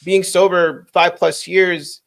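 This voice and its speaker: A man's voice: high-pitched, fairly even intonation, slow pace, vocal fry. A man hosting a podcast, speaking in a reflective, earnest way and often checking in with "right?". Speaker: podcast host. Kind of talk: casual podcast conversation. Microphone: remote video call.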